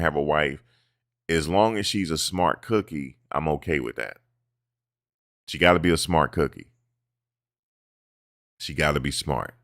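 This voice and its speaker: Deep-voiced dude going off about football, cussing and riffing, dry close sound. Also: male voice, no room sound. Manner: animated, profane, mocks players' interview voices. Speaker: sports commentary host. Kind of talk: casual sports talk.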